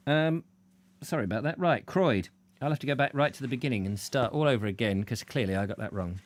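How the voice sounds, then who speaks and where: A man's voice: mid-range voice, quick pace. A man reading a travel book aloud, breaking off into playful, self-mocking comic asides. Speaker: audiobook reader.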